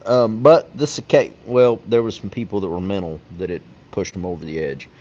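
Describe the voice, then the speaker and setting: A man's voice: on the low side, steady tone, fairly quick, darkish tone, highs cut off. A man co-hosting a podcast, telling blunt, profane stories in casual chat. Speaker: podcast co-host.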